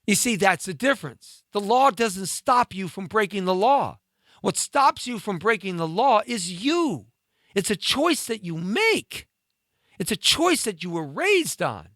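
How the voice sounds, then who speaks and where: A man's voice: high-pitched, very animated, measured pace, pushed and bright, dry recording, studio quality. A man hosting a talk show, ranting in an indignant monologue full of rhetorical questions, his throat congested.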